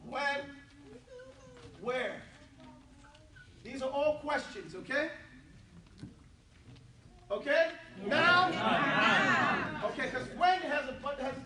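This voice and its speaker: A man's voice: very high-pitched, pushed and bright, slight background noise. A man teaching an Arabic class, drilling students with call-and-response and laughing often. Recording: echoey classroom from far off, students chattering.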